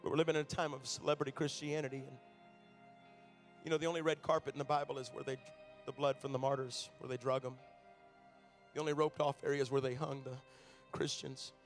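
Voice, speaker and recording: A man's voice: medium pitch, little pitch movement, brisk, faint music behind. A man, a traveling minister, preaching a sermon from a stage in a large room, telling stories in a conversational way.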